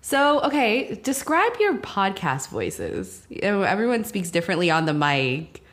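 A woman's voice: medium pitch, huge pitch swings, a little slow, a bit bright. A woman hosting a podcast, chatting casually and filling her talk with "like". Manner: chatty, uses "like" a lot. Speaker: podcast host. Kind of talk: casual chat.

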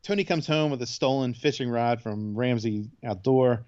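A man co-hosting a podcast, casually retelling a TV episode in a loose, laid-back way and tossing in quick character voices. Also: mid-range voice, a little mellow, highs cut off. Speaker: podcast co-host. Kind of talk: casual chat recapping a TV episode.

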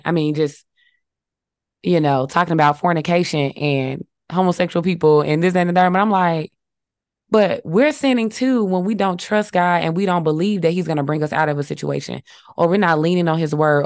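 A woman with a lower voice co-hosts a faith podcast on a dry, close mic. She reads scripture aloud and teaches in numbered points, affirming her co-host along the way. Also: normal speed, darkish tone, no room sound. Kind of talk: casual faith talk with scripture.

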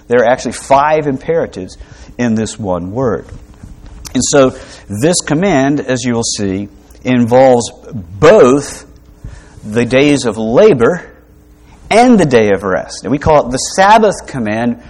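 A man's voice: mid-range voice, animated, a little slow, darkish tone. A man delivering a sermon as a preacher, teaching in a conversational way with asides, light humor and rhetorical questions. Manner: frequent fillers and restarts, rhetorical questions.

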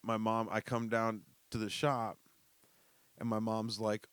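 A young man telling casual, profane stories that ramble along, with laughter and quick bursts. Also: lowish voice, completely flat delivery, a bit bright, clean tone, no room sound. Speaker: storyteller. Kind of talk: casual storytelling.

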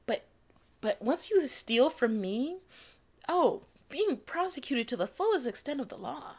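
A young adult woman hosting a podcast, telling a story in a casual, animated and profane way, laughing often mid-sentence. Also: on the high side, moderate pace. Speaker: podcast host.

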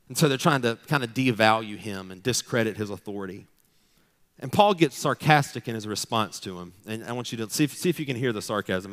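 A man's voice: medium pitch, fairly bright tone. A man in his thirties preaching a sermon as pastor, emphatic and repetitive, building to fervent declarations. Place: church sanctuary. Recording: long reverb of a large hall.

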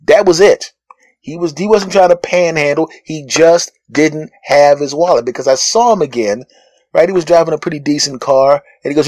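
A man's voice: a little fast, no room sound, studio quality. A man hosting a podcast, telling a comic story about being judged and acting out the people in it. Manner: animated, acts out other people in high mocking voices. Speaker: podcast host. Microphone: phone.

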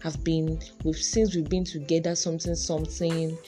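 A woman's voice: low-pitched, flat delivery, moderate pace, warm tone, faint music behind. A woman with a Nigerian accent hosting a casual podcast monologue, chatty and musing aloud, dropping in Yoruba and pidgin words. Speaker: podcast host.

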